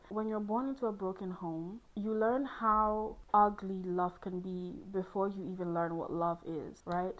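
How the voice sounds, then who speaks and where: A woman's voice: mid-range voice, low-quality recording. A young woman hosting, speaking candidly and playfully about love and relationships, laughing often. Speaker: host on a hot seat. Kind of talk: candid personal talk on love.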